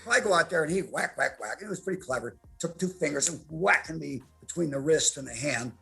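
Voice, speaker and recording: A man's voice: on the high side, quick pace, faint music behind. A man in his eighties telling brash, profane stories as a podcast interview guest. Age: 80s. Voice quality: gravelly, husky voice. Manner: brash, profane, animated storyteller. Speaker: interview guest, martial artist.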